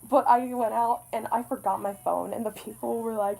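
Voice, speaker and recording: A young woman vlogger telling a story in an excited, breathless way, full of "like"s. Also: a little high, a little fast, vocal fry, hardly any pauses, husky, low-quality recording. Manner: excited, breathless retelling with many "like"s. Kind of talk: casual storytime.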